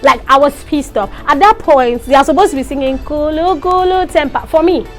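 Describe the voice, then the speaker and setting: A woman's voice: high-pitched, a little fast, fairly bright tone, soft background music. A young Nigerian woman with a Nigerian accent, telling an indignant storytime tale in a vlog, sprinkling in local slang. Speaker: vlogger.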